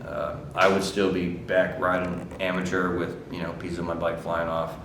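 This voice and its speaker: A man's voice: low voice, flat delivery, normal speed, background noise. A man who races motorcycles, telling rambling stories in a casual interview, laughing often and saying "like" a lot. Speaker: motorcycle racer.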